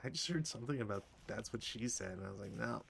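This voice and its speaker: A man's voice: on the low side, expressive, fast, gravelly, fairly bright tone, a little hiss or hum. A man playing a board game on a live stream, talking in a dry, teasing way and laughing often.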